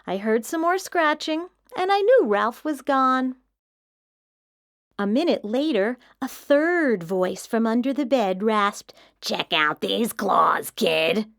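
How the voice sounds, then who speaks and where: Female storybook reader, high and expressive, unhurried. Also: dry recording, studio quality. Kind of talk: children's picture-book read-aloud.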